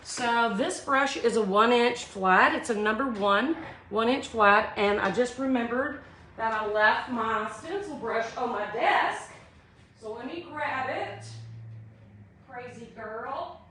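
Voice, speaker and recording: Chatting with viewers in a Southern US accent, a woman narrates her own steps in a live art tutorial with self-deprecating remarks. Her voice is fairly high and sharp, and she takes it slowly. There's slight background noise in the echoey room.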